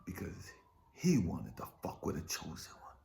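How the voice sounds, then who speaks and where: A man preaching an impassioned spiritual pep talk as a life coach, profane and confrontational, firing rhetorical questions and dropping from shouted rants to low muttering. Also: wildly swooping pitch, normal speed, creaky. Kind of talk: impassioned motivational preaching monologue.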